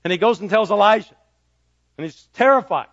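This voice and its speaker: A man preaching a sermon, swinging between ringing, raised declarations and soft, low asides. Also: brisk, no room sound, highs cut off. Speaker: pastor.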